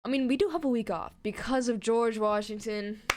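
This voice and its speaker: A woman's voice: a little high, fairly even intonation, brisk, a loud crowd. A woman streamer reading fan fiction aloud on stream, stumbling over words and laughing often.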